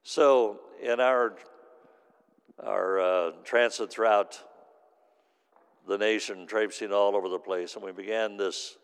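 A middle-aged man preaching a sermon as pastor, telling stories and swinging from hushed to loud. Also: lowish voice, steady tone, slow, pauses often, clean tone. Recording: long hall reverb.

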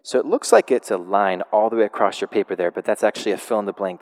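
A man preaching a sermon, retelling a scripture story in a casual, animated way with frequent laughs. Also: fairly low pitch, fast talker, long reverb tail. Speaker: pastor.

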